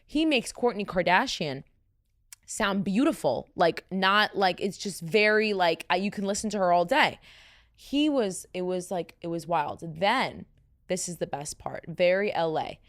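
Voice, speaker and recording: A young woman hosting her own podcast in casual, chatty talk. Her voice sits a bit deep, with some vocal fry, and she runs on with fillers and asides. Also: lively intonation, unhurried. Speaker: podcast host. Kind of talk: casual chat.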